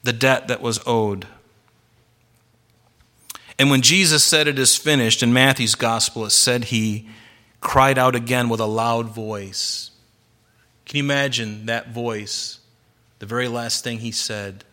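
Bright-voiced male preacher. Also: medium pitch, fairly even intonation. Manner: emphatic, varies loudness and slows for stress. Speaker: pastor. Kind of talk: sermon.

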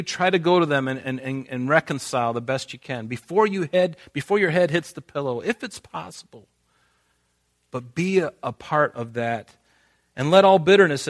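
A man preaching a sermon as pastor, rising to loud emphatic lines and dropping to quiet, intimate asides, sometimes acting out quoted dialogue. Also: a little high. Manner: acts out biblical speakers in quoted dialogue.

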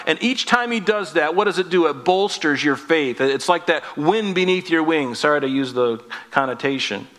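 A man's voice: on the high side, expressive, normal speed, few pauses, a bit bright. A man preaching a sermon in an earnest, conversational way, often asking his listeners rhetorical questions.

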